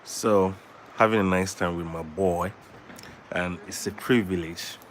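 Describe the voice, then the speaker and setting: A man vlogging at home with his baby son, switching between slow casual talk and high cooing baby talk and singing. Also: steady tone, slight background noise.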